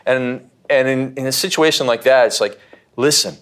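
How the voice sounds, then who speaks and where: A man from the United States talks as a podcast guest. He tells his stories in an animated, casual way, restarts his sentences often, and acts out the voices of the people in them. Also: mid-range voice, normal speed. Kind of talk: casual interview storytelling.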